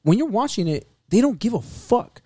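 Animated man with a mellow, dry voice. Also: high-pitched, moderate pace, breathy edge, no echo. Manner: animated, swearing, acts out scenes. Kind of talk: casual movie review chat.

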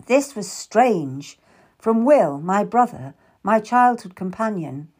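A woman narrating a historical novel in the first person, with measured, intimate storytelling. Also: mid-range voice, sing-song, a little mellow, husky. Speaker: audiobook narrator.

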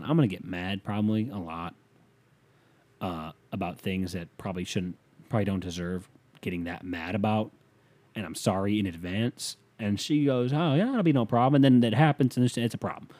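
A man's voice: fairly low pitch, dark tone. A man in his twenties hosting a casual podcast, reading a listener's letter and giving advice in a rambling, profane, joking way. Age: 20s. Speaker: podcast host.

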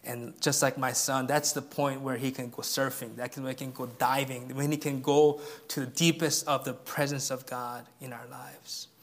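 A male pastor preaching a sermon in an earnest way, dropping to a hush and then rising to emphatic peaks. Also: medium pitch, little pitch movement, moderate pace, vocal fry, few pauses. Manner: earnest, swings from hushed to emphatic.

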